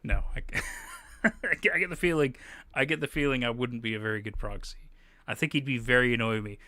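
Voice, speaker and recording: A man's voice: mid-range voice, fast talker, bright, forceful tone, no echo. A man hosting a livestream, chatting casually and animatedly, laughing often and swearing freely. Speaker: livestream host.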